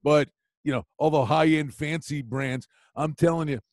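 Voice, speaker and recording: Brief: lively male host, a bit high-pitched, animated storyteller, dry close mic. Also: normal speed, no echo. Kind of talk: casual sports chat.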